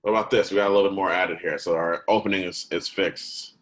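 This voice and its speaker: A man's voice: sits low, steady tone, fast talker, hardly any pauses, fairly bright tone, poor audio. A man teaching a recorded lesson in a conversational way, often stopping to check in with "right?" and "okay?", and sometimes correcting himself partway through a word.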